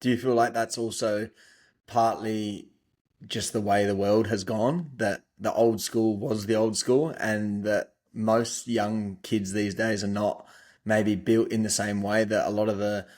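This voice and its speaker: A man's voice: fairly low pitch, level tone, a little slow, darkish tone. A man hosting a podcast, asking a long, thoughtful question. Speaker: podcast host. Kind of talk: casual interview.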